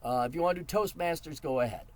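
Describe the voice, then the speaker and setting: A man's voice: a little high, quick pace, a little mellow. Blunt, profane middle-aged man. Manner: blunt and profane, with a mocking edge. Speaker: vlogger giving advice. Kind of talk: casual advice monologue.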